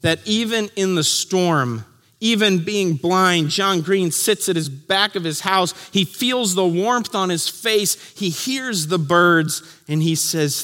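High-voiced pastor preaching in a reverberant hall. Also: male voice, slow pace. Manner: storytelling, acts out voices, drops to a hush for key lines. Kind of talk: sermon.

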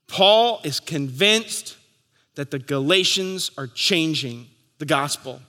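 A man in his thirties preaching a sermon as pastor, telling stories and acting out the crowd's shouts. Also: fairly high pitch, animated, slow pace. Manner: storytelling, acting out crowd voices. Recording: long hall reverb.

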